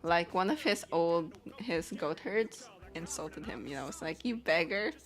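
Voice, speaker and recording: With soft background music playing, a young animator chats at her computer while screen-sharing, her voice on the low side with lively intonation and a measured pace. She giggles and rambles, swears, and fills her talk with "like" and "you know."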